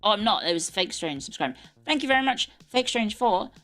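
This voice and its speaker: A woman's voice: mid-range voice, animated, a little fast, bright, forceful tone, soft background music. A young adult woman streamer chatting casually, swearing and laughing often. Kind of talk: casual live-stream chat. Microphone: desk mic with earbuds.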